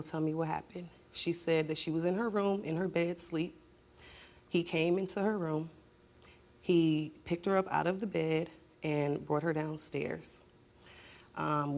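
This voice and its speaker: A woman's voice: sits low, creaky. A woman guest on a talk show telling an emotional story, her voice rising sharply when she argues. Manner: emotional, rising to shouting in arguments. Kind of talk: emotional confrontational testimony.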